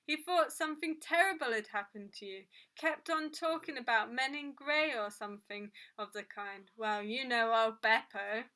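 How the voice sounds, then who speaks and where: A woman's voice: a little high, normal speed, few pauses, bright, forceful tone. A woman reading aloud, voicing a harried male café owner who speaks hurriedly and nervously.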